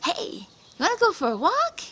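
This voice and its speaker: A woman voicing a sly, lazy male trickster spider in an excited, squeaky storytelling voice. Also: moderate pace, a little hiss or hum, heavily acted, rough recording. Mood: eager, sly.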